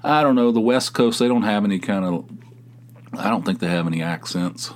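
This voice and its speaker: A man's voice: on the low side, fairly quick. A man from the United States hosting his own podcast, talking in a rambling, meandering, self-deprecating way. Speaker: podcast host. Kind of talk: casual solo podcast monologue.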